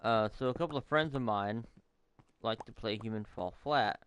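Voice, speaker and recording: A man's voice: lowish voice, normal speed, fairly bright tone, slight background noise. A man giving casual, rambling let's-play commentary as a gaming YouTuber, amused by his own asides.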